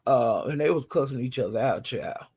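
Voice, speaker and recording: A man's voice: mid-range voice, animated, normal speed, a little mellow, breathy edge. A man hosting a casual chat, bluntly retelling online drama in a chatty, gossiping way. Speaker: host recapping livestream drama.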